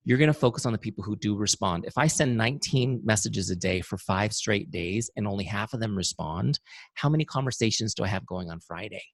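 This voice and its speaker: A man with a fairly low voice runs a motivational webinar, driving his points home and repeating them for emphasis. The sound is dry and close, with no room around it. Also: fairly quick, no room sound. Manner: emphatic, repeats key phrases, addresses audience as "you guys". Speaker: founder teaching a sales training.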